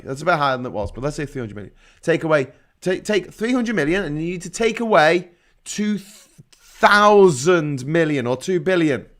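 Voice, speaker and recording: Brief: middle-aged English livestream host, slightly higher voice, sarcastic, sweary, laughs at his own jokes. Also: fairly bright tone. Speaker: livestream host reading viewer comments. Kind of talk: casual ranting live chat.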